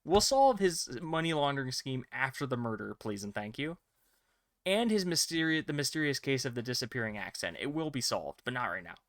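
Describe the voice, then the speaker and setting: A man's voice: mid-range voice, very animated, brisk, fairly bright tone. Chatty man joking through a game. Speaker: streamer playing a game. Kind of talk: casual chat.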